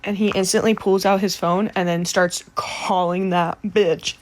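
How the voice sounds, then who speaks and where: A young woman telling a story in a casual, animated, profane way, acting out the other people's voices. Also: mid-range voice.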